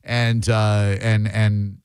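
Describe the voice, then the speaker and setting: A man's voice: lowish voice, level tone, very slow, background noise. A man hosting a comedic call-in radio show, joking and bantering with callers.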